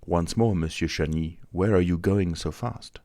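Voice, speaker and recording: A man reading an audiobook, voicing a grave, cautious stranger who speaks in calm, measured warnings. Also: low-pitched, dry recording, clean studio sound, natural voice. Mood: guarded. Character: grave, mysterious male stranger, cautious and secretive.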